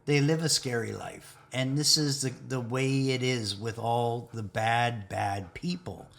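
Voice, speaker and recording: A man's voice: mid-range voice, a little slow, vocal fry, fairly bright tone. A man talking in a rambling spiritual monologue, laughing now and then and sometimes dropping to a whisper. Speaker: video host.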